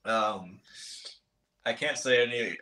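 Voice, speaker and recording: This twentysomething motocross racer talks slowly in a sharp, medium-pitched voice as a podcast guest. The interview is loose and casual, full of ums and false starts, and the recording has a roomy echo.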